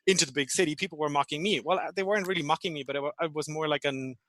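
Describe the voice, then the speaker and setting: Man, German accent, rapid speech, bright tone, laughs a lot, dry sound. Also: on the high side, no room sound. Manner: quick, animated, laughs often. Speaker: interpreter. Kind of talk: casual podcast conversation.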